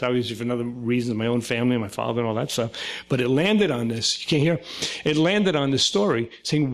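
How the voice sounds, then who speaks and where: An older man from Brooklyn, a psychoanalyst giving a talk and retelling a story, acting out the quoted voices. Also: fairly high pitch. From Brooklyn, New York. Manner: conversational, acts out quoted voices. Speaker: psychoanalyst lecturer.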